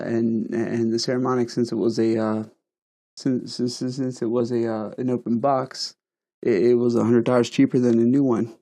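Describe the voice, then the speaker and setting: A man with a mellow, medium-pitched voice reviews gadgets in a relaxed home vlog, speaking to camera through a wireless lapel mic. He tends to ramble, stutter and repeat words.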